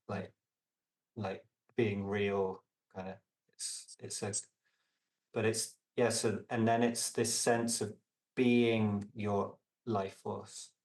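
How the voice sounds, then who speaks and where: Low, flat-voiced man rambling thoughtfully. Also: roomy sound, recorded from a distance. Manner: meandering, lots of fillers and restarts, trails off softly. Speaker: podcast guest, relational coach. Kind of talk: casual reflective conversation.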